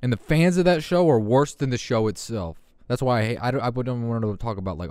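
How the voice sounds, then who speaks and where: Young male podcast host: cussing, animated ranter with a smooth, dry close voice. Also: medium pitch, normal speed, dry recording. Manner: profane, animated ranting. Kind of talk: casual podcast rant.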